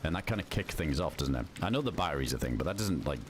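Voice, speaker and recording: A man's voice: rumbling low, expressive, fast talker, slight background noise. A man streaming a survival game and chatting casually, rambling and swearing often. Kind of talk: casual gameplay commentary.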